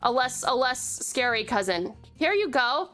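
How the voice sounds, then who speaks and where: A woman's voice: high voice, very animated, measured pace, a bit bright, soft background music. A woman from Tasmania, streaming a game, gushing over her chat with pet names and swearing freely. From Tasmania, Australia. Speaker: VTuber streamer.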